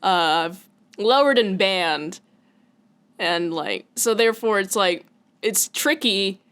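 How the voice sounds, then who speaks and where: Woman from Washington state, podcast co-host, chatty and giggly, lots of fillers, mid pitch. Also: lively intonation, takes it slowly, fairly bright tone, clean tone. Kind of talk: casual chat.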